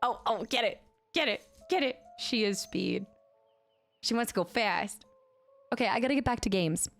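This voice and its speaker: A woman streamer chatting casually on a live stream, excitable and giggly, cooing to her cat at her home desk. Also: a little high, moderate pace, creaky. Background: faint film music.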